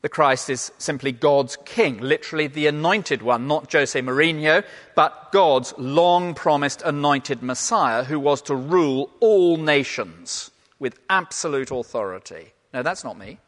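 Male preacher with a higher voice, animated and emphatic, recorded in a big echoing church. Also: measured pace. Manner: animated, emphatic, shifts between loud and hushed. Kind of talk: sermon. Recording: long hall reverb.

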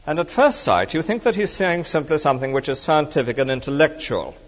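A middle-aged man preaching a sermon in a conversational, animated way that swings between emphatic and hushed. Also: fairly high pitch, a little fast. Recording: dull reverberant hall recording.

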